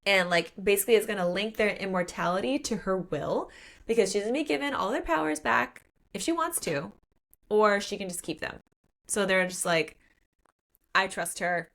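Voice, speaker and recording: A woman's voice: medium pitch, moderate pace, vocal fry. Chatty woman co-hosting a book podcast. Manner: animated retelling, acts out characters' lines; frequent "like" fillers. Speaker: podcast co-host. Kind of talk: casual book chat.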